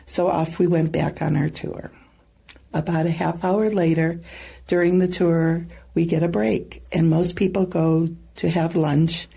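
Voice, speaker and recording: Earnest female storyteller with a low, dark, mellow voice; halting delivery. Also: level tone, creaky, slightly rough. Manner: earnest, halting retelling with soft asides. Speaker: guest sharing a testimony. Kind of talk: personal storytelling.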